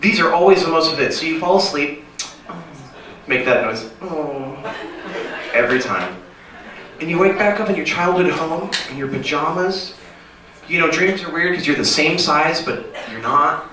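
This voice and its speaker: A man's voice: a little high, animated, normal speed, bright, forceful tone. A man doing a rambling, self-deprecating stand-up set on a small club stage. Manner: rambling, self-deprecating, jumps into silly voices. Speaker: stand-up comedian. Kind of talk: stand-up set at an open mic. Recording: echoey room, mic from far off, noisy.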